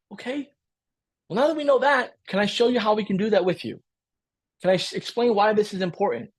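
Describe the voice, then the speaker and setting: A man's voice: high voice, lively intonation, breathy edge. A man coaching a live training webinar with lots of energy, repeating his points and often checking in with "right?". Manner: acts out client dialogue in quick role-play.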